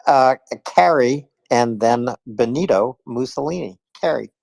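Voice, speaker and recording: A man's voice: medium pitch, expressive, unhurried, gravelly, a little mellow, no room sound. A man hosts a casual live chat, hesitating with frequent uhs between dry jokes. His voice sits mid-range, and the sound is dry. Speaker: host.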